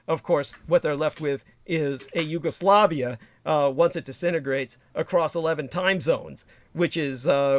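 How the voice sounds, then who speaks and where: Male livestream host, slightly high-pitched, digressive and emphatic, dry close-miked sound. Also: dry recording. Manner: digressive, emphatic, profane asides. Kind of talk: rambling political monologue.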